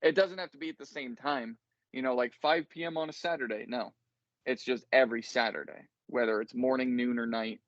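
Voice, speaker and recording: A man's voice: medium pitch, fairly even intonation, brisk, no room sound, dull audio. A man hosting a casual podcast chat, rambling and self-deprecating, laughing easily. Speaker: podcast host.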